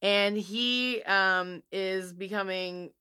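A woman in casual chat, retelling a horror film with jokes, lots of "like", and quick acted-out voices. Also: medium pitch, smooth, no room sound, studio quality. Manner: lively, jokey, acts out scenes in voices, says "like" often. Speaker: podcast co-host.

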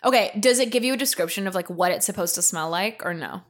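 A woman co-hosts a comedy podcast in loose, casual chat. She rambles, fills her talk with "like" and jumps up in pitch when something strikes her. Her voice sits in the middle of the range and is recorded close on a podcast mic. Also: quick pace. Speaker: podcast co-host.

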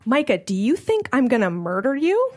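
A woman voicing a creepy middle-aged male TV producer who speaks in a smooth, low, unsettling way. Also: huge pitch swings, moderate pace, noisy background.

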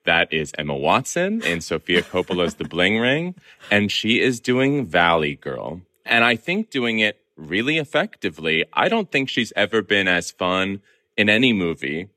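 A man's voice: low-pitched, big pitch swings, moderate pace, bright, forceful tone. A man from Southern California, a film columnist giving articulate, opinionated answers in an interview. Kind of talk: conversational interview.

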